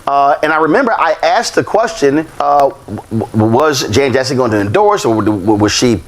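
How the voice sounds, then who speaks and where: A man with a very lively, swooping voice hosts his show. He reads news reports, then slips into storytelling marked by uh fillers and restarts. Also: mid-range voice, normal speed, a little hiss or hum. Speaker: talk show host.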